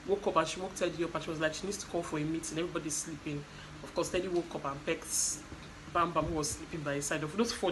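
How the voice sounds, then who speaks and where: A woman's voice: on the low side, noisy background. Chatty woman recapping. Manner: chatty, with frequent fillers and mock quotes. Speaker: reality show recap host. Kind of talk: casual recap chat.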